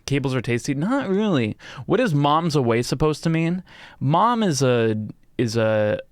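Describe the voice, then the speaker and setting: A man's voice: medium pitch, gravelly, no room sound, clean studio sound. A young man live-streaming, chatting casually with viewers, swearing a lot and mock-scolding his pet.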